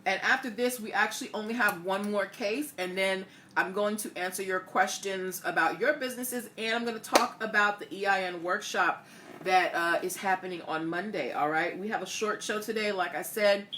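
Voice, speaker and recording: A woman's voice: mid-range voice, moderate pace, pushed and bright, a little hiss or hum. A woman hosting a casual live stream, chatting with viewers, asking their opinions and reading their comments aloud. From Haitian family. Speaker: host.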